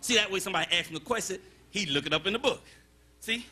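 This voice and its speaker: High, bright, animated male comedian. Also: fast, husky. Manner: loud, animated, repeats punchlines and phrases. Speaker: stand-up comedian. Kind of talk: live stand-up set. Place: comedy stage with live audience.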